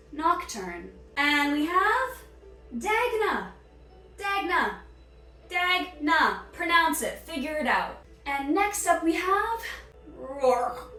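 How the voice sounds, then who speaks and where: Woman, playful comic teacher, lively swoops in pitch, slow delivery, faint music under a roomy sound. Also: recorded from a distance. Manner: playful, punning, mock-stern scolding. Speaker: sketch comedian playing a teacher. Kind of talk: comic skit, mock lesson. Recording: echoey room, off mic, faint music.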